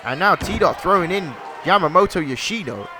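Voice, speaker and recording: High-voiced man shouting wrestling commentary. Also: moderate pace. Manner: energetic, shouting at big moves, addresses folks. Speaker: play-by-play commentator. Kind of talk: excited wrestling commentary over video game footage. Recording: loud game music and crowd noise behind. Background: video game wrestling crowd and music.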